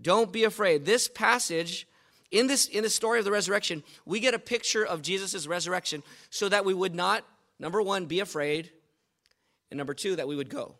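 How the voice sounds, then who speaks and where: A man's voice: sits high, a little fast, a bit bright. A man preaching a sermon as pastor, quizzing the congregation and repeating points with emphasis. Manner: asks the congregation questions, emphatic repetition.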